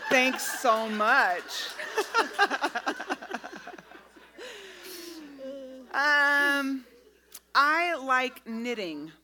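A middle-aged woman chatting casually with colleagues in a friendly, brisk way. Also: sits high, big pitch swings, background noise. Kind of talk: casual chat.

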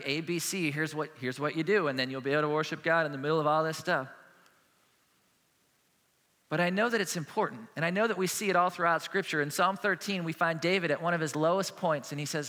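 A man's voice: on the high side, lively intonation, moderate pace. A man preaching a sermon as a pastor, earnest and conversational, speaking plainly about faith and struggle. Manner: earnest, conversational preaching with a hushed closing prayer. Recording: long hall reverb.

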